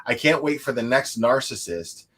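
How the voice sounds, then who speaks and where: A man's voice: medium pitch, animated, moderate pace, a bit bright. A man hosting a livestream, chatting casually and a little tipsy, rambling with lots of restarts, laughs and swearing. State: tipsy from drinking. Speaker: livestream host.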